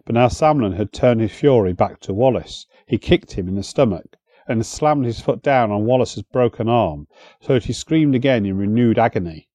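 A man reading a historical adventure audiobook in a steady, measured storytelling manner. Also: mid-range voice, dry recording. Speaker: narrator. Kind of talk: audiobook narration.

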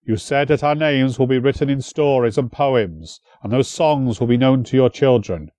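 A man voicing a calm, principled bard speaking firmly in a storybook reading. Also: medium pitch, moderate pace, no room sound, natural voice.

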